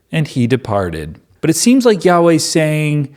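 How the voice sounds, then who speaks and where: A man's voice: a little high, very animated, unhurried. Sarcastic man reading scripture. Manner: joking, sarcastic asides. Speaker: Bible reader and commentator. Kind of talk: casual Bible reading with commentary.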